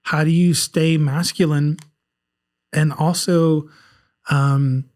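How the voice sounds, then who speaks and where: A man's voice: on the high side, steady tone, slow, a little mellow. A man in his forties from South Carolina with a faint Southern accent, speaking candidly as a guest on a casual podcast with many restarts. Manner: rambling, frequent restarts, candid and self-reflective. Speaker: guest author.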